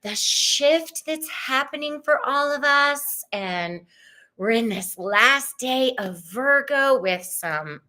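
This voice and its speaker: Woman, high voice, bright tone, slow unhurried delivery, gushing live-stream host. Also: lively intonation. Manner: gushing, greets viewers by name. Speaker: tarot reader hosting a live stream. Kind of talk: casual live-stream chat.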